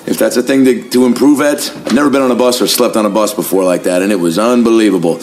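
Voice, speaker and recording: A man hosting a podcast, talking in a casual, energetic monologue full of swearing and fillers. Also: on the low side, fast talker, slight background noise. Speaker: podcast host.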